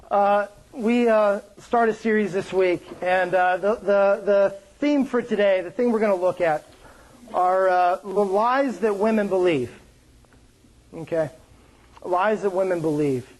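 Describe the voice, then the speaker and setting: A male pastor preaching a sermon, with joking, animated storytelling and playful put-on voices. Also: high-pitched, a little slow, rough recording.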